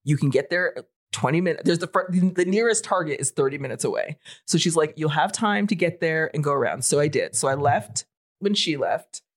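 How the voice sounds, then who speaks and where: A woman in her forties telling a story in casual podcast chat, animated and swearing freely. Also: sits low, a little fast. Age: 40s. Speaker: podcast co-host.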